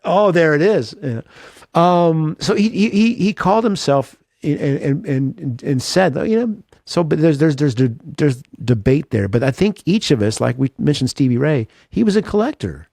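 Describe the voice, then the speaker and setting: A man's voice: a little high, lively intonation, moderate pace, vocal fry, darkish tone, no room sound, clean studio sound. A man, a guitarist guest in an interview, talking earnestly and self-deprecatingly with lots of restarts. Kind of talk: reflective interview talk.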